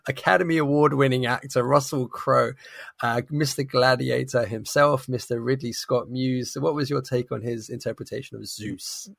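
A man with a mid-range voice and a gravelly grain jokes his way through casual chat. He hesitates and fills gaps with ums and uhs, and the sound is dry and close. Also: mid-range voice, fairly even intonation, normal speed, fairly bright tone, no room sound. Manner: joking, hesitant, lots of fillers.

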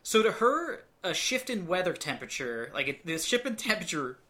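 A man's voice: sits high, sing-song, a little fast, sharp tone. A man co-hosting a movie podcast who recaps the plot with sarcastic, mocking asides. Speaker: podcast co-host. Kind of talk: casual movie review chat.

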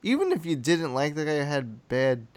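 A man's voice: a little high, sing-song, normal speed. A man co-hosting a podcast in casual chat, reacting with joking asides. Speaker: podcast co-host.

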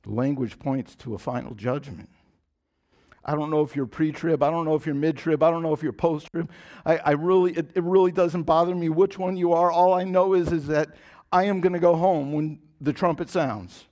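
A man preaching a sermon in an earnest style, repeating phrases and restarting often, dropping to a soft, low voice for emphasis. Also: moderate pace. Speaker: pastor.

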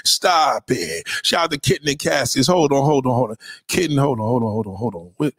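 A man's voice: mid-range voice, animated, brisk, a bit bright, slightly rough, dry recording, clean studio sound. A man hosting an online show, giving loose, profane commentary on songs, exclaiming constantly and lecturing his listeners bluntly.

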